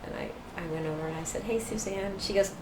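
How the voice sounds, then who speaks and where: Animated middle-aged woman, echoey room. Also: medium pitch, quick pace. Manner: animated, laughs often, acts out quoted dialogue. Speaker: guest. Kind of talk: personal storytelling. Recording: echoey room with faint noise.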